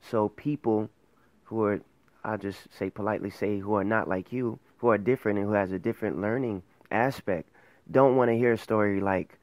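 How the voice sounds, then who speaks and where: Low-voiced man rambling earnestly to camera. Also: normal speed, dry recording. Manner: rambling, self-correcting, earnest. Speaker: host of an online faith show. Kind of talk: casual to-camera talk.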